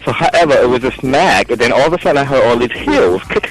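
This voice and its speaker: A man telling a story in casual talk, animated, acting out the voices of the people in it. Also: medium pitch, fast talker, noisy background. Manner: animated, acts out quoted voices. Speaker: storyteller guest.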